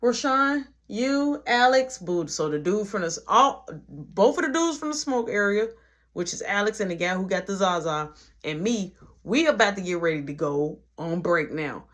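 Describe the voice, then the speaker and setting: Animated woman telling a work story. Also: moderate pace. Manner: animated, punctuated with "boom", acts out every voice. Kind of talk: casual storytime.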